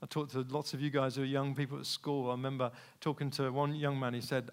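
A man preaching a sermon, telling personal stories candidly and swinging between quiet asides and loud, emphatic peaks. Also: medium pitch, flat delivery, fast talker, few pauses, smooth. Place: church service.

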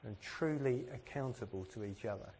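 A man's voice: medium pitch, moderate pace, darkish tone, slightly rough. A man from England giving a sermon, earnest and self-deprecating, with plenty of rhetorical questions. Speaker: preacher.

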